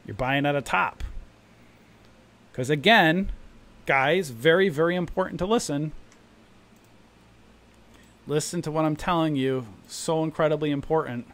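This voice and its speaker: Animated man hosting a trading stream. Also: on the high side, unhurried, long pauses. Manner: animated, acts out panicking traders. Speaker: trading room host. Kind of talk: live stream market commentary.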